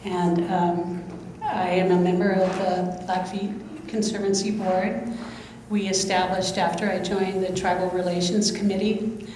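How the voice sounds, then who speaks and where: A woman's voice: medium pitch, little pitch movement, measured pace, darkish tone. A woman who sits on a conservancy board gives a short speech at a signing event. She sounds nervous and hesitant, with many ums. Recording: very echoey hall, faint background hum.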